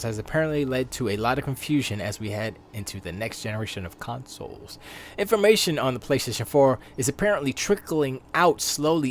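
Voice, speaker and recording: Rambling man hosting a gaming stream. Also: medium pitch. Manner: rambling, riffs on the news he reads. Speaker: live stream host. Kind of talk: casual gaming news commentary.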